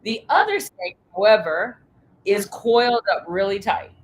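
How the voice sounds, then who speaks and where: A woman coaching a group in an animated, emphatic, blunt way, with the odd curse. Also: mid-range voice, a little slow, low-quality recording. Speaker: sales coach. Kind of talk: coaching talk.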